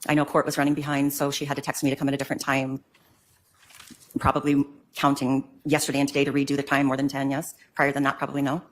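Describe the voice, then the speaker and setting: A woman's voice: very deep voice, monotone, quick pace, a little hiss or hum. An older woman giving court testimony, answering hesitantly with many ums. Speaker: witness in court.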